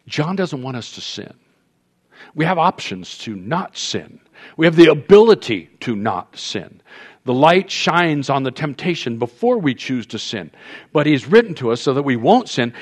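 A man preaching a sermon as a pastor, telling a story and explaining scripture in an animated way. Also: medium pitch. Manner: storytelling, animated with quoted voices.

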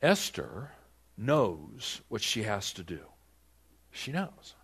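A man's voice: lowish voice, sing-song, slow pace, creaky, fairly bright tone, husky. A man preaching a Bible-teaching sermon, asking rhetorical questions and dramatizing the text.

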